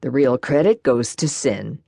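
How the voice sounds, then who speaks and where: A woman's voice: extremely low pitch, expressive, unhurried, vocal fry, mellow, no echo, clean studio sound, exaggerated voice. A woman voicing a bashful, folksy old grandfather who speaks modestly. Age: older.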